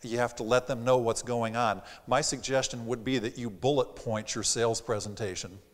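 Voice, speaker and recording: A man's voice: medium pitch, normal speed. Man giving a seminar in a reverberant theater. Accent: slight Southern. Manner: animated, acts out quoted customers. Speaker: sales trainer. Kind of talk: live seminar presentation. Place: theater stage.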